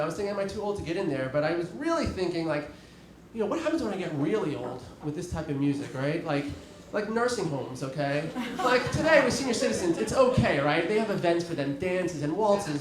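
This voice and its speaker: A man in his thirties rambles through a self-deprecating stand-up routine, full of little restarts and fillers. His voice sits fairly high. The handheld mic picks up a roomy club echo and a loud, laughing crowd. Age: 30s. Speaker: stand-up comedian. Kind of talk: stand-up comedy set. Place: comedy club stage before a live audience. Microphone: handheld stage mic with dropouts.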